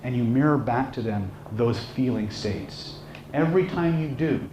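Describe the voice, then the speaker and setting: A man's voice: mid-range voice, normal speed. A man teaching a live seminar, telling stories and acting out the people in them. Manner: animated, acts out shouting characters in stories. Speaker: seminar trainer. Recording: echoey room with faint noise.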